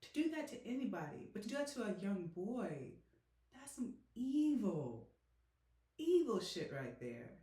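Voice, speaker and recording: A young woman reacting to a film on camera, loud and full of curses. Her pitch leaps all over the place and she talks at an unhurried pace. Her voice rings around an echoey room. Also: very animated. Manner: loud, exclaiming, heavy cursing. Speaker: movie reaction channel host. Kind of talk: emotional movie reaction commentary.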